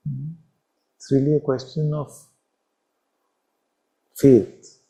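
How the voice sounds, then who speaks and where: Dark-voiced man giving a slow spiritual talk. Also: medium pitch, level tone, gravelly, poor audio. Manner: slow, reflective, with long pauses and repeated phrases. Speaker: spiritual teacher. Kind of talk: satsang talk.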